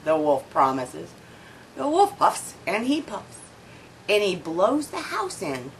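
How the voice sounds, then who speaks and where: Mom reading a picture book aloud, lively sing-song pitch, chatty asides to her child. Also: slow, gravelly, a little hiss or hum, poor audio. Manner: expressive, points out pictures to a child. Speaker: storyteller and mother. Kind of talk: children's storybook read-aloud.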